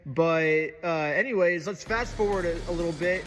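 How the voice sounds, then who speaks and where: A man's voice: sits high, moderate pace, a bit bright, in a large hall, faint music behind. A man narrating his own video in a casual, mocking, sarcastic tone.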